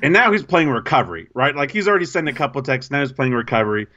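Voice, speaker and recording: A man co-hosting a podcast, telling an embarrassing story in casual, animated, self-mocking chat. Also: medium pitch, fast talker, highs cut off. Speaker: podcast co-host.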